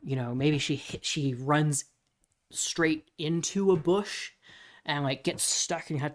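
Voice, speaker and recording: A podcast co-host talking casually, rambling and restarting while pitching story ideas. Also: slow. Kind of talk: casual brainstorming chat.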